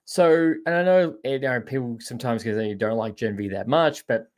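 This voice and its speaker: A rambling, chatty Australian man hosts a live podcast in a casual, loose way. His voice sits at an ordinary middle pitch, and he keeps throwing in "mate" while he answers viewers. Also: fairly quick, darkish tone. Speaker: podcast host. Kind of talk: casual live-stream chat reading viewer comments.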